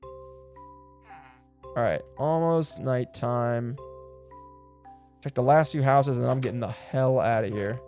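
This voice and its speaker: A man streaming a game live, chatting casually and excitably, swearing and laughing often, and cooing at the animals he meets. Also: medium pitch, takes it slowly, long pauses, soft background music. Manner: coos affectionately at in-game animals. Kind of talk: casual live gameplay commentary.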